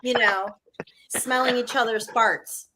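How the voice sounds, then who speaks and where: A middle-aged woman, a guest musician, telling stories in a casual, rambling interview with lots of "like" and animated asides. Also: a little high, slow, a little hiss or hum. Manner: rambling, heavy use of "like", animated.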